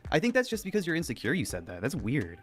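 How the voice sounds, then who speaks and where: A man's voice: a little high, wildly swooping pitch, fast talker, faint music behind. A man in a heated argument, confrontational, interrupting and swearing. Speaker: podcast guest in argument.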